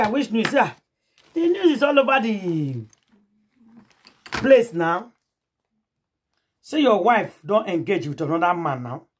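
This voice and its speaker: A woman's voice: mid-range voice, slightly rough. A woman with a Nigerian accent hosting a celebrity gossip vlog. She tells the story dramatically, acting out each quoted voice and calling on her audience directly.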